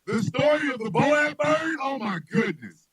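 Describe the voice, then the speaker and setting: This man hosts a radio show and spins rambling comic stories in a high voice that swoops up and down. He laughs a lot and shouts whenever a story peaks. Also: measured pace, no echo, poor audio. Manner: loud, laughing, animated storyteller who shouts punchlines. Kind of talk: loose comedic chat with storytelling.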